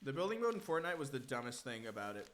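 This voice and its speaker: A young man of ordinary pitch hosts a relaxed live stream. He talks loosely and casually, dropping curses as he snacks. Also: fast, slight background noise. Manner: relaxed, profane, chatting while eating. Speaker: streamer host.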